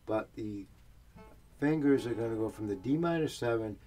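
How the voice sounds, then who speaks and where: A man giving a relaxed, explanatory guitar lesson, talking through chords as he plays and humming the melody. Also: lowish voice, moderate pace. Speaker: guitar teacher. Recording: guitar playing behind the voice.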